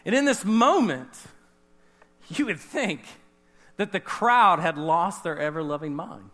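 A man's voice: high voice, lively intonation, measured pace, a bit bright. A man preaching a sermon, explaining a scripture passage verse by verse and asking his listeners questions. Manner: expository, questioning the listeners and re-enacting the scene. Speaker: pastor.

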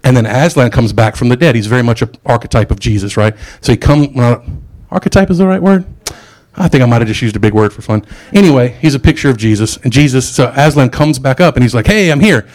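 A man's voice: mid-range voice, fast, darkish tone. A middle-aged man preaching a sermon in a casual, conversational way, with asides and jokes.

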